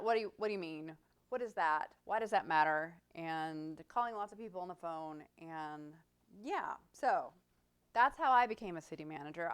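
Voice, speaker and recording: A middle-aged woman, telling an animated, self-deprecating story about her career as a city manager to a club. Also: fairly low pitch, clear, resonant tone. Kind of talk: storytelling talk.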